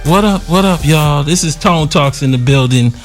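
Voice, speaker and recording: A man's voice: on the high side, normal speed, faint music behind. A man hosting his own talk show in a casual, slangy, playful commentary style. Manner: laid-back, slangy, playful. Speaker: host.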